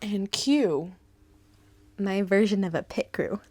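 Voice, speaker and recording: With a warm tone and slow pace, a young American woman vlogs casually from home while dyeing her hair. She speaks at medium pitch in a put-on Southern lilt, playful and sarcastic, over underlying music and slight background noise.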